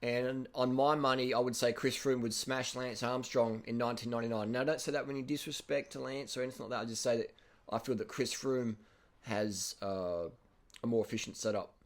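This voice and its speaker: An Australian man casually commenting over race footage, blunt and excitable, swearing and repeating himself. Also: mid-range voice, a little fast. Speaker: cycling video host.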